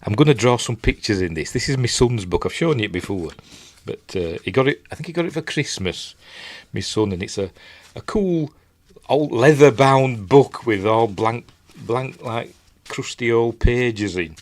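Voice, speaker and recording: A man's voice: medium pitch, lively intonation, moderate pace, no echo. A middle-aged man with a Yorkshire accent hosts a live movie show in rambling, self-mocking casual chat, talking into a desk mic. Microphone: desk mic, level being adjusted.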